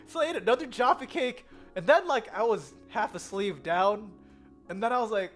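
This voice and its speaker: An American woman telling a story in a casual vlog, animated and giggly. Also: medium pitch, brisk, faint music behind. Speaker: vlogger. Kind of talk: casual chatty vlog with slides.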